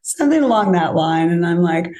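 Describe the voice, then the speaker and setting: A woman's voice: lowish voice, animated, brisk, a little mellow. A woman telling a dating story in casual chat, acting out both sides of each exchange. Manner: chatty, acts out both sides of conversations. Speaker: guest storyteller.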